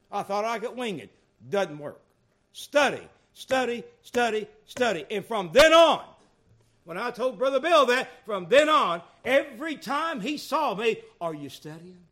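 A man preaching a sermon in a church, animated, dropping to soft asides and rising to loud emphatic calls. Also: sits high.

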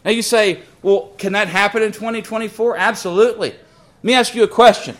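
A man preaching a sermon, rising to fervent emphasis on key lines and dropping low and quiet when he tells personal stories. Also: a little fast.

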